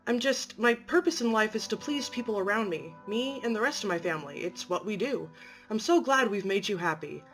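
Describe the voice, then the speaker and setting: A woman's voice: medium pitch, expressive, a little fast, a bit bright, soft background music. A woman voicing a grateful, devoted anomalous being who provides for its family, talking effusively and emotionally. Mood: gushing.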